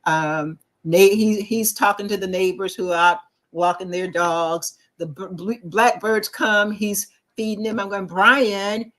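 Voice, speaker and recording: In a mid-range voice that runs a little slow with hardly any pauses, a middle-aged talk show co-host shares a personal anecdote. She mimics the people she quotes, tells it with animation, and frequently starts over.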